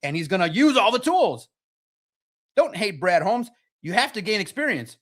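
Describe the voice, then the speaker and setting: A man hosting a casual sports talk livestream, excitable and rambling, with a slightly raspy voice. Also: high voice, moderate pace. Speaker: podcast host.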